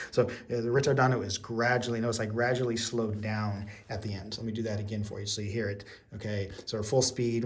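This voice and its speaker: A man's voice: lowish voice, fairly even intonation, moderate pace. A man teaching an online music lesson, patiently explaining each step and checking in often.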